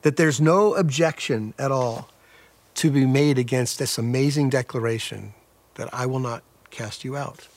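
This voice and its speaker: A man's voice: mid-range voice, moderate pace, no echo. A man preaching a sermon as a pastor, earnest, with a repetitive cadence that rises and falls in intensity.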